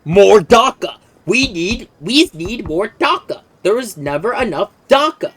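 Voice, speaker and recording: A game streamer putting on a loud, gruff voice for a dim-witted male space orc warrior, shouting in a rowdy way. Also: medium pitch, very animated, unhurried, a little hiss or hum, voice pushed up.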